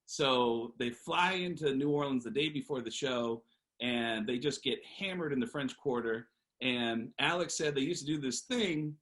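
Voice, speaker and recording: A man, a comedian guest, telling a long, animated anecdote with lots of fillers. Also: mid-range voice, normal speed, poor audio. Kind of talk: storytelling on a podcast.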